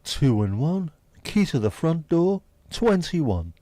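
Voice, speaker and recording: Man doing a bingo caller voice, raised pitch, loud, slow sing-song calls. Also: very animated, dry recording. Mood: showy.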